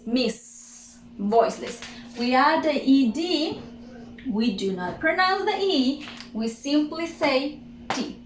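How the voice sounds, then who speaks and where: A woman teaches English pronunciation, sounding each word out and repeating it. She talks slowly with a somewhat high voice. The room is echoey, with faint ambience behind her. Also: animated, a little hiss or hum. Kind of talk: pronunciation lesson.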